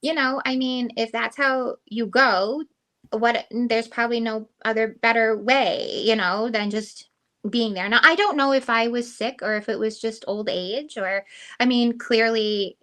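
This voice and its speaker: A middle-aged woman co-hosting a casual podcast tells a personal story in a bright, ringing voice. She talks candidly and emotionally, circling back with fillers and restarts as she searches for words. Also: a little high, a little slow. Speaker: podcast co-host. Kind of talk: casual chat.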